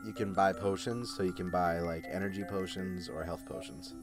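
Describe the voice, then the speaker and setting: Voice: low-pitched, fairly even intonation, normal speed, faint music behind. A co-host chatting casually about the game, laid-back and giggly, explaining how things work.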